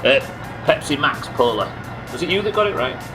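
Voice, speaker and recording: A man's voice: a little high, sing-song, a little fast, poor audio. A man streaming a game live, chatting, joking and reading out viewer comments. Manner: chatty, reads chat aloud, jokey. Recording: game music behind.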